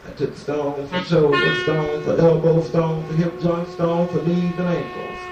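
A man reciting a poem in a slow, incantatory way that sinks to a hush. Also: a little high, level tone. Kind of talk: incantatory poetry reading over music. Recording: echoey, dull and distant, with music.

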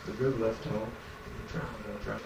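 A man reciting a poem in a slow, incantatory way that sinks to a hush. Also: on the low side, little pitch movement, gravelly, noisy background. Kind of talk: incantatory poetry reading over music. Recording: echoey, dull and distant, with music.

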